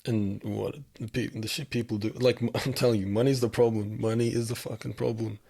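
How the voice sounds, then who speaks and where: A man's voice: lowish voice, level tone, a little fast, gravelly, mellow. Blunt man, swearing casually. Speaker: podcast guest. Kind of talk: casual chat.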